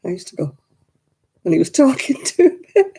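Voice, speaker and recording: A woman from Oldham with a softened northern English accent, chatting casually on her crafting video and laughing often. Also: mid-range voice, very animated, moderate pace, slightly rough. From Oldham, England. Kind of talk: casual chat.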